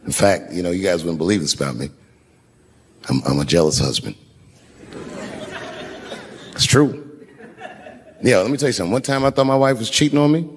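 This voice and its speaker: In a large venue before a live audience, a stand-up comedian in his fifties speaks at normal speed in a low-sitting voice, pausing at length as some chatter carries in the background. His stories are conversational and animated, with abrupt jumps into other voices, and the sound has hall reverb and faint room noise.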